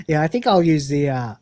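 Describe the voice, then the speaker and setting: A man's voice: fairly high pitch, darkish tone, dry recording. A man co-hosting a live stream, reading out viewer messages in a jokey, laughing manner. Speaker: livestream co-host reading donations. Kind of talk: casual chat.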